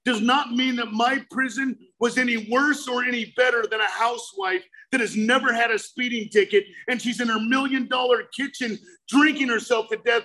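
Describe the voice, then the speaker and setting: High-voiced emphatic man telling his story. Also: fairly even intonation, moderate pace, few pauses, low-quality recording. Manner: emphatic, storytelling, swings to loud outbursts. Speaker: recovery speaker. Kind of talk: personal recovery talk.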